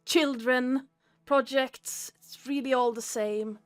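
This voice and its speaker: A haughty goddess, as a woman puts her on for a tabletop game, lectures her wayward mortal child in a high, unhurried voice. She is pompous and condescending, every word dripping with disapproval. The sound is dry and close, with faint music under it. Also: steady tone, no room sound. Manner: scolding, condescending.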